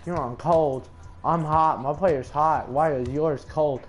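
A man's voice: a little high, steady tone, takes it slowly, slight background noise. A man trash-talking and cursing at his opponent while commenting on his own gameplay. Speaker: gaming content creator.

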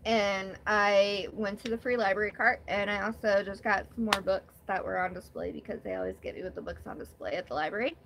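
A woman's voice: mid-range voice, animated, fairly quick, hardly any pauses, a bit bright, a little hiss or hum. A young woman vlogger talking candidly in a rambling, emotional way during her first live stream. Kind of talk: casual live-stream chat.

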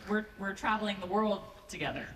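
A woman answering on a convention panel, animated and effusive, restarting her sentences. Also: mid-range voice, fairly quick, heavy background noise. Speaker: panel guest actor. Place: large convention hall. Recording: echoey hall recorded from far off with crowd.

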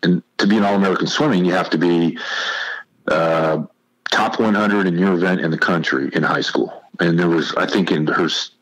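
Folksy man in his fifties, very low voice, easygoing storyteller. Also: normal speed, a bit bright, poor audio. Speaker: podcast guest, former college football player. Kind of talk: casual storytelling.

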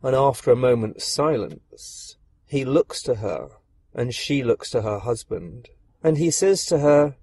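A man narrating a dark fairy tale, expressive and speaking directly to the listener. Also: medium pitch, a little slow, creaky, husky. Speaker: storyteller. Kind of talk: dramatic storytelling narration.

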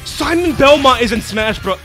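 A man with a very high voice narrates his own live reaction, swinging from hushed disbelief to loud shouting. His pitch jumps around constantly as he gets carried away. Trailer music plays clearly behind him. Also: normal speed. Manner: excitable, gasping and shouting in disbelief. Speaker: reaction video host. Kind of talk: excited live reaction commentary. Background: trailer music playing.

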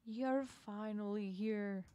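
A cruel, mocking sea monster from a video game gloats over its prey, as a woman reads its lines aloud. The voice sits at an ordinary middle pitch, slow and taunting, and the sound is close and dry with no room around it. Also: mellow, no room sound, lightly acted. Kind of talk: reading a game's dialogue aloud.

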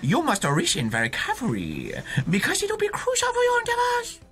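A man's voice: high voice, wildly swooping pitch, unhurried, sharp tone, soft background music, full character voice. A man voicing a boastful male dog who calls himself a master sniffer, speaking in stilted, broken English like a game tutorial. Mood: pompous. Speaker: game commentator.

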